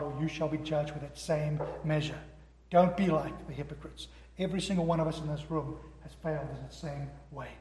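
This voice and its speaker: A man's voice: a little high, a little mellow. A man preaching a sermon to a congregation, emphatic and acting out the quoted dialogue in his own voice. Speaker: pastor. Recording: echoey hall.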